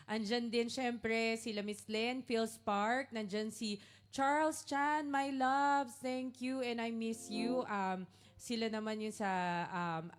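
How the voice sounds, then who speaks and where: A woman from the Philippines speaking Filipino English, chatting cheerfully as a guest in a live interview. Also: a little high. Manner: cheerful, chatty, laughs often. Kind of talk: live interview chat, mixing Tagalog and English.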